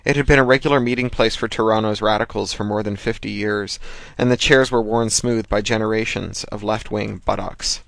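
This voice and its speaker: A man narrating a story in a wry, measured way. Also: lowish voice, fairly even intonation, creaky, a bit bright, dry recording. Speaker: audiobook narrator. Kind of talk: scripted narration.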